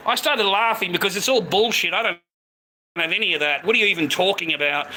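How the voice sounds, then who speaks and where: A man's voice: high-pitched, quick pace, bright, forceful tone, a little hiss or hum, poor audio. A middle-aged man ranting angrily on a live stream, swearing and saying "mate" at the end of nearly every line. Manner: swearing, repeats "mate" constantly. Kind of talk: angry live-stream rant.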